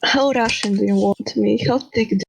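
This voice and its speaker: A woman's voice: on the high side, normal speed, vocal fry, slight background noise. A playful woman in a voice-chat role-play game, laughing often.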